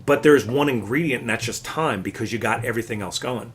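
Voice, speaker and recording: A man teaching a live classical guitar lesson, explaining patiently and warmly encouraging his student. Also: mid-range voice, fairly quick.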